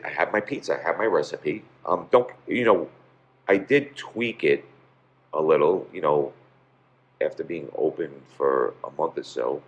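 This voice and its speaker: A man's voice: rumbling low, normal speed, lo-fi sound. A man, a pizzeria owner, telling stories in a casual interview, rambling with many fillers.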